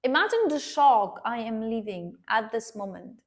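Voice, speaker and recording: A woman earnestly recounting a personal story to her viewers, addressing them directly and pausing to restart her sentences. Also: a little high, lively intonation. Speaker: vlogger sharing a personal story.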